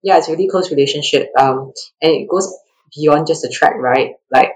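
Animated woman telling stories. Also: normal speed, poor audio. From Singapore. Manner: animated, laughing, acts out quotes with rising pitch. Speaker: track athlete guest. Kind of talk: casual interview storytelling.

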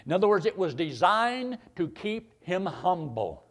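An older man preaching a sermon, climbing to loud emphatic peaks and then dropping low and quiet. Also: very animated, measured pace.

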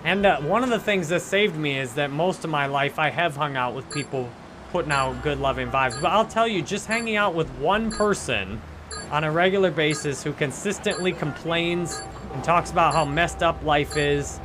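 A man's voice: a little high, normal speed, music in the background. A middle-aged man hosting a podcast, talking earnestly and cheerfully about positive living, laughing often and acting out complainers. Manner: earnest, upbeat, laughs often, acts out complainers in mock voices. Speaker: podcast host and life coach. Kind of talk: casual motivational monologue.

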